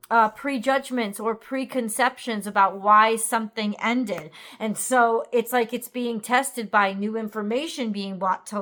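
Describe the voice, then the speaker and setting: Woman, tarot reader, tired and yawning, meandering and thinking out loud, everyday voice. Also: on the high side. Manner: rambling, thinking aloud with many fillers. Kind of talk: casual tarot reading to camera.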